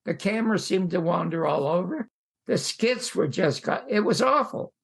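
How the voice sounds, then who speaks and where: An older man, a podcast guest, tells a long show-business story in an animated way, jumping into other people's voices as he quotes them. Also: high-pitched, normal speed, creaky, husky. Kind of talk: anecdotal storytelling.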